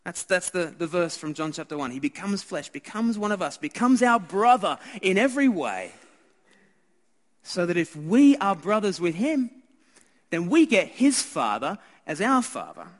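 An Australian man preaching a Christmas sermon in an earnest, conversational way, often restarting and dropping to hushed asides. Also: sits high, sing-song, normal speed. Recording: hall reverb.

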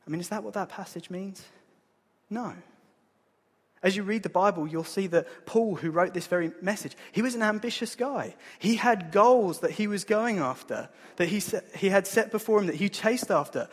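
Husky man preaching in a hall. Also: high voice, animated, moderate pace. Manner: earnest, conversational preaching with rising emphasis. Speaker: pastor. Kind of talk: sermon. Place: church hall. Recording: long hall reverb.

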